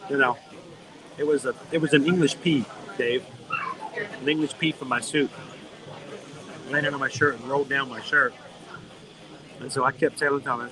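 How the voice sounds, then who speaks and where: A middle-aged man hosting a live stream, telling a playful story in a casual, animated way, outdoors in a theme park. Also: mid-range voice, moderate pace, pauses often, low-quality recording. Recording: busy crowd noise behind. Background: crowd, park sounds.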